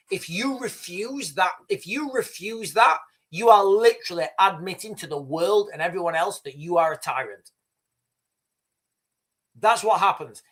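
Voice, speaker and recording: A man's voice: sits high, fairly bright tone. Guy going off on a livestream, worked up, swears a lot, keeps stumbling and restarting. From United Kingdom. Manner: emphatic and heated, swearing, halting restarts and repeated words. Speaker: livestream host. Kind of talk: impassioned political livestream rant.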